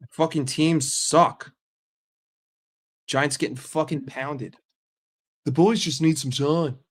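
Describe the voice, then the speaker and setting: A young man ranting in a football vlog, swearing and mocking in an exasperated way. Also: medium pitch. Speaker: football vlogger.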